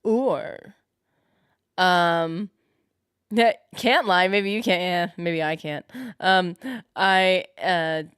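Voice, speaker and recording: A woman's voice: lowish voice, steady tone, extremely slow, fairly bright tone, clear, resonant tone, no room sound, studio quality. A woman streaming a game live, chatting casually and thinking aloud as she answers her viewers. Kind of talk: casual live-stream chat while gaming.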